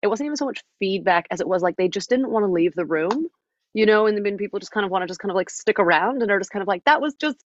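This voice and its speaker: A woman's voice: medium pitch, fast talker, muffled recording. A woman performer being interviewed, chatting with lots of "like" and "you know". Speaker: guest performer. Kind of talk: casual interview chat.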